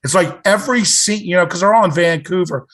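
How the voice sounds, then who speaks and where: A man's voice: high-pitched, a little fast, a bit bright. A man co-hosting a film podcast, chatting casually and saying "it's like" and "you know" a lot. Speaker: podcast co-host. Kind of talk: casual chat.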